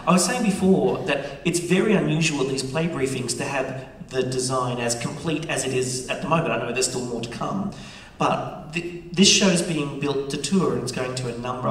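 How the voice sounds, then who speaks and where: A man hosting a panel on a theatre stage before a live audience, chatty and joking. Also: mid-range voice. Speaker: panel host. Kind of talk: onstage panel discussion. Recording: echoey theatre, distant mic.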